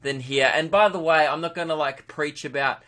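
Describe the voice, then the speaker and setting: A man's voice: a little high, moderate pace, pushed and bright. Sarcastic Australian man ranting. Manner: sarcastic, ranting, frequent swearing. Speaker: podcast host and comedian. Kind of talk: comic storytelling monologue.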